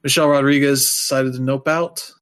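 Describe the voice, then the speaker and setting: A man's voice: mid-range voice, steady tone, brisk, a bit bright, smooth. Rambling man in casual chat. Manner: rambling, loose, heavy with fillers; wry, offhand asides.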